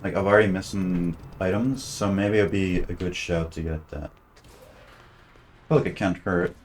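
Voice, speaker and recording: A man's voice: deep voice, steady tone, measured pace, slight background noise. A man streaming a game, chatting casually and thinking aloud as he plays, often trailing off and restarting. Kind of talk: casual gameplay commentary.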